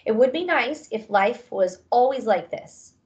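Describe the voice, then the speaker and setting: An earnest, soft-spoken father, as read by a woman, quietly explaining things to his son. His lines sit slightly above her narrating voice, on a lo-fi, muffled recording. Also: fairly high pitch, animated, measured pace, pitched above the performer's own voice. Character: father, gentle and earnest, middle-aged.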